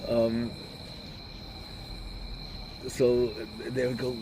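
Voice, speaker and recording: A middle-aged man, a rabbi, giving an informal talk full of stories, combative and animated, sprinkling in Yiddish and Hebrew words. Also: medium pitch, very slow, noisy background. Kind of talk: informal lecture with storytelling.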